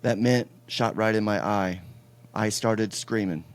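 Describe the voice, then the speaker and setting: A man's voice: fairly low pitch, steady tone, unhurried. A man hosting a casual podcast, chatting and telling stories in a laid-back way, swearing now and then. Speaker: podcast host. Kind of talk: casual chat.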